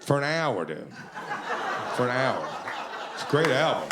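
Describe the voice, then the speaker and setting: A man's voice: mid-range voice, big pitch swings, unhurried, heavy background noise. A man doing stand-up, telling a story in a profane, self-deprecating way. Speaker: stand-up comedian.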